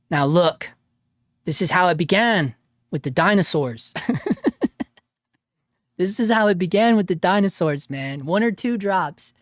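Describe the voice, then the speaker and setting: A man's voice: fairly high pitch, dry recording, clean studio sound. A man hosting a casual livestream, reading chat aloud in a laid-back way, laughing often and calling people dude and bro.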